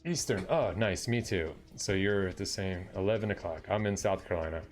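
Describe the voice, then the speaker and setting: A relaxed, slightly low-voiced man from Long Island chats loosely with his viewers at the end of a live coding stream, filling gaps with ums and restarts. He talks into a desk mic while soft music plays behind him. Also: normal speed. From Long Island, New York. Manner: rambling, laid-back, lots of fillers. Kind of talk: casual chat to viewers.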